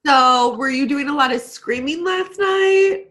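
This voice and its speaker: A woman's voice: high voice, measured pace, fairly bright tone. A woman co-hosting a podcast in casual live-stream chat, laughing often and speaking into a USB desk microphone. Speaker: podcast co-host.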